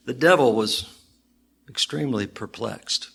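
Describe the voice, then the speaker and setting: A male minister preaching a sermon to a congregation with animated storytelling and emphatic repetition. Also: mid-range voice, measured pace. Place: church with congregation.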